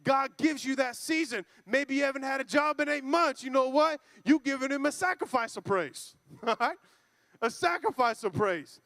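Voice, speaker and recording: A man preaching a lively, joking sermon to a church congregation, acting out quoted voices. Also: very high voice, normal speed, dry recording. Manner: playful, acts out quoted voices.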